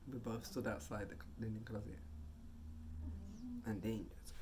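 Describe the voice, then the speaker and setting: A man vlogging a casual storytime monologue, animated, getting loud and high at tense moments. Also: normal speed, pauses often, background noise.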